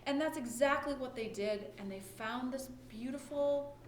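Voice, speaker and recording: Woman pastor, casual storytelling sermon, higher voice, roomy echo with faint background hum. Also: normal speed. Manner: conversational, asks "right?" often. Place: church or home during lockdown worship. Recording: echoey room with faint ambience.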